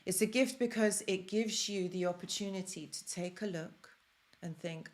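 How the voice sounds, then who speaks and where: A woman's voice: fairly low pitch, moderate pace. Earnest woman giving a motivational live-stream talk. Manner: earnest, emotional, repeats phrases for emphasis. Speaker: self-help host.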